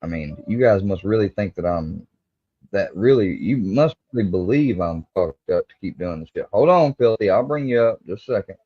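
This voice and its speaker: Deep-voiced angry, swearing man hosting a stream. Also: animated, normal speed, husky, no room sound. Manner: angry, profane, confrontational. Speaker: livestream host. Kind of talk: heated livestream rant. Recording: dull lo-fi stream audio.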